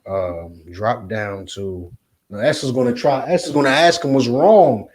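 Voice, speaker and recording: A man with a New Jersey accent teaching scripture in an emphatic, profane style, swinging between loud outbursts and low asides. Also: a little slow, poor audio. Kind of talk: street preaching lesson.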